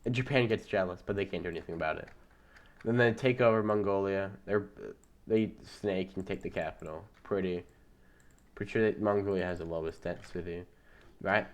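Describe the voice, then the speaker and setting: Male map narrator, lowish voice, loose and joking, keeps asking "right?". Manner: jokey, rambling, tags lines with "right?" and "boom". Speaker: mapping channel narrator. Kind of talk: casual alternate-history map narration.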